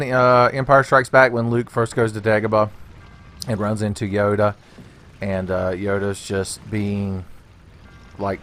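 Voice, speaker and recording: A man's voice: lowish voice, fairly bright tone, a little hiss or hum. A man hosting a gaming channel, rambling through a let's play with constant jokes, frequent laughter and casual swearing.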